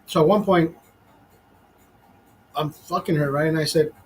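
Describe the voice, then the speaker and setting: A man's voice: a little high, measured pace, a little mellow, faint music behind. A man from Honduras telling a crude story in a casual livestream chat, swearing constantly and laughing at his own jokes. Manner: crude, profanity-heavy storytelling, laughs often. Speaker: livestream host.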